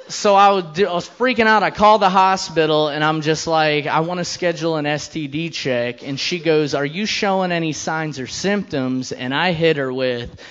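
Guy doing standup, crude brash storytelling, kinda high voice, muffled lo-fi sound. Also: pushed and bright. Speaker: stand-up comedian. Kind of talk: stand-up comedy set.

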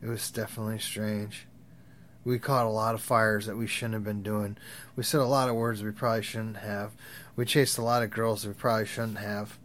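A man's voice: fairly low pitch, level tone, normal speed, fairly bright tone, slight background noise. A young man telling crude, rambling stories in a casual, profane way, laughing at his own tales. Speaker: vlogger. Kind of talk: profane storytelling rant.

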